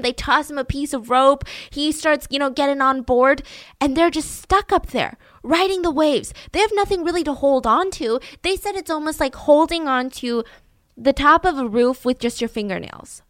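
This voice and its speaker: A woman hosting a podcast, telling a true story in an animated way and acting out the voices. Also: sits high, dry recording, clean studio sound. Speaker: podcast host. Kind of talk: storytelling true-crime narration.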